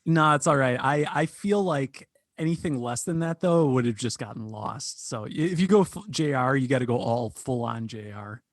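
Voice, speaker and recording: A man co-hosting a casual wrestling podcast over a video call, playful and quick to joke. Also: medium pitch, lively intonation, no room sound, studio quality. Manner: playful, does announcer impressions. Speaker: podcast co-host and game master.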